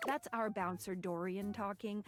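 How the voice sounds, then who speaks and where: A woman's voice: medium pitch, fairly even intonation, unhurried, soft background music, lightly acted. A woman voicing a perky pair of talking glasses who acts as a wingwoman guide in a video game, upbeat and explanatory. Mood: chipper.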